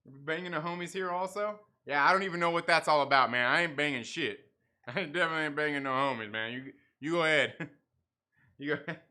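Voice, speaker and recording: Bright-voiced, laughing livestream host. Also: male voice, a little high, a little fast. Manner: laughs often, banters and reacts to chat. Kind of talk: casual livestream chat reading comments.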